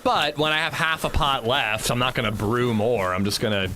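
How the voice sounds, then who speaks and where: A man's voice: mid-range voice, moderate pace, bright, forceful tone. A man streaming a game, chatting casually and jokingly answering his chat. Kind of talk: casual livestream chat while gaming.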